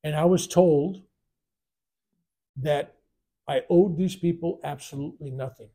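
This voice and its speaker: In a workshop room, a spiritual teacher tells a spiritual story, his voice gravelly, husky, a little high, dark and mellow. He takes his time, rambling through an animated retelling and acting out the voices of the people he quotes.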